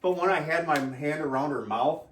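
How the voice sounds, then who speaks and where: Man, crude casual storytelling, heavy swearing, laughs, shouts quoted lines, distant mic, echoey room. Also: fairly high pitch, moderate pace. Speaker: podcast guest telling a story.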